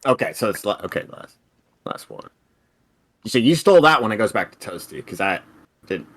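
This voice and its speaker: A man's voice: very animated, moderate pace, fairly bright tone, breathy edge. A man co-hosting a podcast, casually running a movie quote quiz and laughing often. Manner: playful, laughs often, swings widely in pitch. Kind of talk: casual chat.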